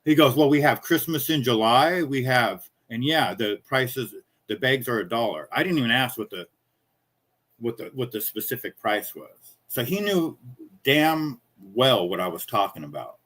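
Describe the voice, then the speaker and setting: A man's voice: mid-range voice, big pitch swings, normal speed, a bit bright, slightly rough. A man in his fifties, a small-business chocolatier, ranting casually in a profane, rambling, indignant way. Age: 50s.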